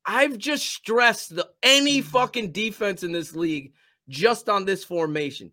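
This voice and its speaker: A man on a live post-game show, ranting angrily about his football team with heavy swearing and shouting. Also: high-pitched, a little slow. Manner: profane, shouting rant. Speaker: podcast co-host. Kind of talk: post-game sports rant.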